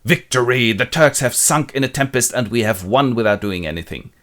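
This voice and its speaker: A man's voice: medium pitch, animated, brisk, a bit bright, pitched above the performer's own voice, close to an everyday voice. A man voicing a naive, eager young officer who stammers, in a comic retelling.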